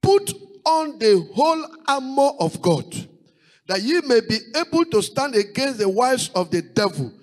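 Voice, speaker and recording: Lively, high-pitched preacher man. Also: rough recording. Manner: preaching with rising exclamations and repetition. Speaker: pastor. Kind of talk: sermon.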